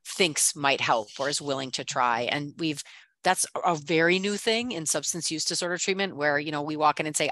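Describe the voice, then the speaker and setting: A facilitator of a clinical teaching session who speaks in an animated way, acting out the remarks people make, over a video call. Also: medium pitch, brisk, dry recording. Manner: animated, acts out quoted remarks.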